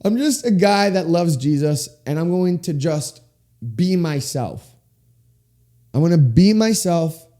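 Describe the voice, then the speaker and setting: A man in his twenties hosting a faith-based solo podcast, talking with big swings up and down in pitch, in a small room with sound panels. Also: warm tone. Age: 20s. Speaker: podcast host.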